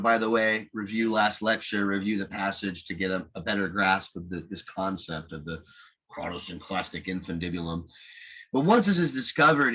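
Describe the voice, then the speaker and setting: A man's voice: fairly low pitch, bright, forceful tone, highs cut off. A man teaching a literature lecture in a conversational, rambling way, often restarting his sentences.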